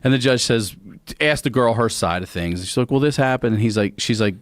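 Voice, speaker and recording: A man's voice: medium pitch, brisk, no echo. A man from Baltimore telling a long funny story in casual chat, acting out voices as he goes. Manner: animated, acts out voices and sings bits. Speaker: comedian guest.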